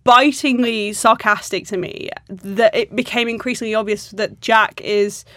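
A woman's voice: on the high side, steady tone, unhurried, fairly bright tone, no echo, studio quality. A young woman co-hosting a film podcast, chatting casually and animatedly, laughing often and quoting lines in put-on voices.

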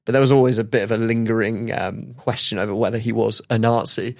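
A man's voice: on the low side, steady tone, quick pace, no room sound, clean studio sound. A man hosting a podcast, telling a story in a casual, wry way and laughing often. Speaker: podcast host. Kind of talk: casual chat.

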